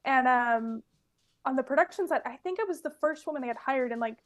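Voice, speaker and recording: Podcast guest: woman, 20s, from California, fairly high voice, chatty and casual. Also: fairly quick. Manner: chatty, fillers and laughs, relaxed storytelling. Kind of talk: casual interview chat.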